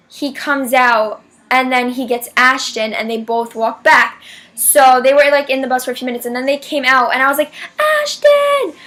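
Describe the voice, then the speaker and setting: Chatty teen girl with a high voice. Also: a bit bright. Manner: gushing and chatty, many "like" fillers. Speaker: vlogger. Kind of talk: excited concert haul storytelling.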